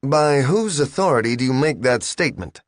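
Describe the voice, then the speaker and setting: A man's voice: medium pitch, animated, moderate pace, dry recording, studio quality, voice pushed up, lightly acted. A man voicing a hot-tempered male starship captain who snaps while trying to hold his temper. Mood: demanding. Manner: snapping, barely controlling his temper.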